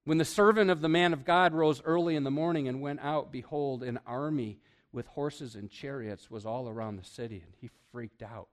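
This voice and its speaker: A pastor preaching a sermon in a church, full of energy, swinging between loud emphasis and hushed asides while quizzing his congregation. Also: medium pitch, normal speed. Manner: asks the congregation questions, chuckles often.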